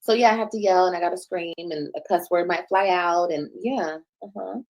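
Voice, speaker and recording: Talking a little fast in a lowish voice, a thirtysomething woman defends and explains herself on her livestream, cussing now and then. The recording is rough; she's the streamer others are reacting to, speaking casually.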